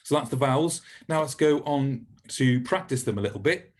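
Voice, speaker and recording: Guy teaching pronunciation, patient, says each sound slowly, normal mid voice. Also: mid-range voice, animated. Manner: patient, explains step by step and models each sound. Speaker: language teacher. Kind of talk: teaching lesson.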